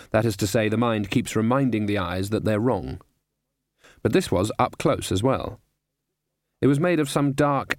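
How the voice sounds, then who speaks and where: A man's voice: lowish voice, darkish tone, dry recording. Wry male audiobook narrator, dry sound. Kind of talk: storybook narration.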